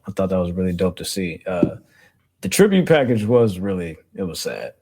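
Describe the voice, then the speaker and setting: A man co-hosting a podcast, talking casually about wrestling with a relaxed, hesitant delivery. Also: sits low, normal speed. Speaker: podcast co-host.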